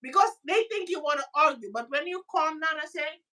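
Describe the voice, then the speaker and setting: A Caribbean woman co-hosting a casual chat, telling stories with lively voice impressions. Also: a little fast, recorded from a distance. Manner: animated storytelling, acts out voices with high squeaky pitch jumps. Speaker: podcast co-host.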